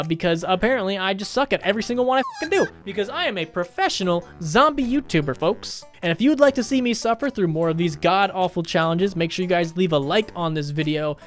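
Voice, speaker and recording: A man's voice: high-pitched, a bit bright. A man ranting in profane, rambling gameplay commentary as a gaming YouTuber.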